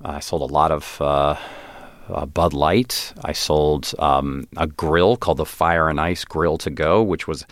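Deep-voiced man telling lively self-deprecating stories. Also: measured pace, no room sound, clean studio sound. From United States. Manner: animated, self-deprecating, acts out quoted voices. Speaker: actor, interview guest. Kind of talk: casual interview storytelling.

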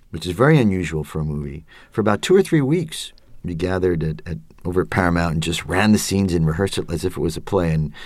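A man's voice: deep voice, dry recording. A middle-aged male actor, a guest in an interview, talking reflectively and hesitantly, with plenty of fillers. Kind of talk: casual interview talk.

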